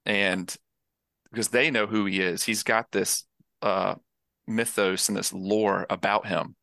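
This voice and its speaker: A man with a gravelly, bright voice talks through a film on a podcast. His recap rambles eagerly, full of restarts, and the sound is close and dry with no room around it. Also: lowish voice, steady tone, measured pace, no room sound. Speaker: podcast co-host. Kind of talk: casual movie discussion.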